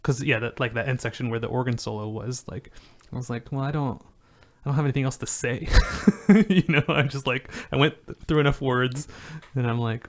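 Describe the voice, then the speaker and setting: A man's voice: medium pitch, a little fast. Rambling musician podcast host, man. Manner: rambling, loose, many fillers. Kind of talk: casual chat.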